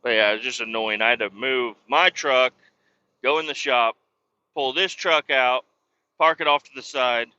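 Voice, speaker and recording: A man's voice: medium pitch, fairly even intonation, normal speed, sharp tone, clean tone, lo-fi sound. A man, a truck driver, hosting a podcast and telling a rambling story in casual, profane talk, raising his voice when he quotes people.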